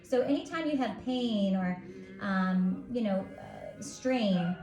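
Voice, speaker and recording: A woman guiding a yoga class at home, calm and encouraging as she talks listeners through each pose. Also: medium pitch, takes it slowly. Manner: calm, encouraging, gently instructive. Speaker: yoga instructor. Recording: echoey room with faint music.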